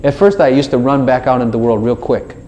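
A man's voice: medium pitch, fast talker, a little hiss or hum. A man preaching a casual, conversational sermon, acting out his own prayers and God's replies in shifting voices. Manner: animated, acts out dialogues with God in shifting voices. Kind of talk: informal sermon.

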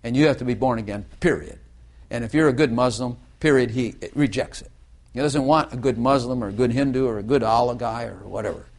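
A middle-aged male preacher talking through a sermon in an easygoing, rambling manner. He circles back on himself, restarts phrases and throws in asides as he goes. His pitch sits in the ordinary middle range for a man. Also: a little fast.

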